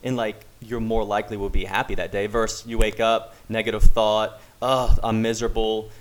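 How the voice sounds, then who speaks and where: A man's voice: on the low side, level tone, fairly quick. A man hosting a casual podcast chat, talking in an upbeat, playful way.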